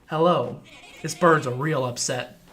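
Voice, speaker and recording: A man's voice: a little high, unhurried, a bit bright, a little hiss or hum. A young man streaming a game, rambling jokily with mock-serious explanations, faint game music behind. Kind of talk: casual gameplay commentary.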